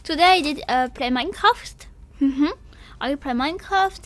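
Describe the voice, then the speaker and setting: A woman's voice: high-pitched, moderate pace. A woman streamer in casual live chat, giggly and apologetic, hesitant with many fillers, talking while she eats and drinks. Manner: talks while eating and drinking.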